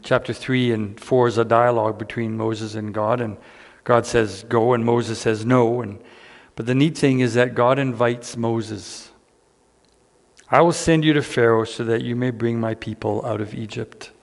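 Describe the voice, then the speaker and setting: A man preaching a sermon as pastor, earnest and unhurried, repeating key lines with dramatic pauses. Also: mid-range voice, fairly even intonation, creaky. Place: church sanctuary. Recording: church hall reverb.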